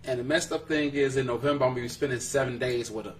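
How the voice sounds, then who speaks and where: A man's voice: medium pitch, fairly even intonation, fast talker, far from the mic, slight background noise. A man hosting a podcast in casual chat, joking and laughing often as he teases his co-hosts. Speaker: podcast host.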